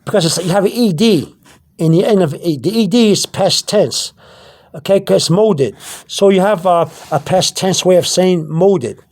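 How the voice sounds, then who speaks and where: A man's voice: high voice, measured pace, a little mellow. A man giving an informal language lesson, pointing things out on a product label, often stopping, repeating words and checking in with "okay?". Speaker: language teacher.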